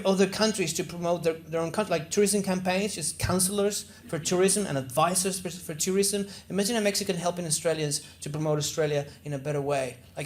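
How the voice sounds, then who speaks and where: A man from Venezuela, doing animated, profane stand-up comedy on a stage. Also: high-pitched, a little hiss or hum.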